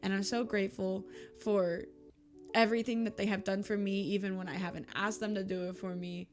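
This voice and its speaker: A woman's voice: mid-range voice, level tone, brisk, soft background music. A young woman, chatting casually to camera in a vlog, emotional and gushing, laughing often and teary. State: tearful. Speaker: YouTuber and streamer. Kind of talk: casual monthly vlog chat.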